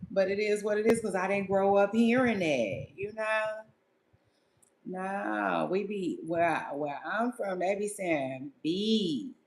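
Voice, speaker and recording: A woman's voice: mid-range voice, roomy sound. A woman chatting casually with viewers as a podcast host, laid-back and laughing, with slangy talk.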